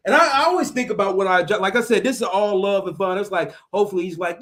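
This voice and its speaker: Animated high-voiced man telling stories. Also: quick pace, hardly any pauses. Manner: animated, acts out sound effects and voices, laughs often; profane, slangy. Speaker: podcast co-host. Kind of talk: casual storytelling chat.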